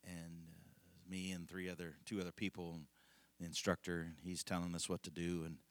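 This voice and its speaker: A man's voice: deep voice, monotone, normal speed, gravelly, no room sound. A middle-aged male pastor telling a rambling, folksy story in a conversational sermon, laughing often.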